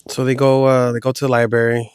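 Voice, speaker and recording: A man spins a spooky tale in a loose, rambling way, like chatting with a friend. His voice sits at a middling pitch and sounds dry and close, with no room around it. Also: monotone, fast talker, clean tone, no room sound. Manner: loose, rambling retelling with slang. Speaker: podcast host telling a horror story. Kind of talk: casual storytelling.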